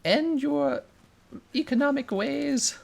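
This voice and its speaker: A shrill, wailing doomsday preacher, shrieking high warnings with a gravelly edge, as a man puts him on. His voice soars far above a normal speaking range in an over-the-top theatrical sermon. The delivery is a deliberate mocking send-up. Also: exaggerated voice. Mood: frantic. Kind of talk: mocking impression.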